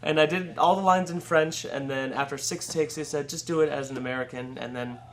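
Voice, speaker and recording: A man's voice: fairly high pitch, fairly even intonation, fairly quick, slight background noise. Joking male talk show host. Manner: joking, chatty interviewer. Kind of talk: casual interview.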